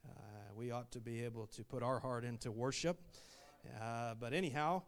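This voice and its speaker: Male missionary preacher, mid-pitched, folksy storyteller, swells into loud "Amen" refrains. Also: normal speed, smooth. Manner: folksy, many "uh" fillers, rising to loud "Amen" calls. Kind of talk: sermon.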